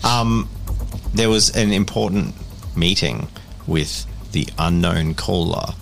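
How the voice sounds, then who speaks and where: A man's voice: sits low, takes it slowly, creaky, slight background noise. A man narrating as game master of a streamed tabletop game, recapping the story in a chatty, joking way.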